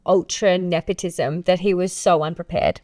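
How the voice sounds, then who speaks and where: A woman co-hosting a podcast in casual chat, brisk and teasing as she steers the segments. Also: on the low side, darkish tone. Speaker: podcast co-host.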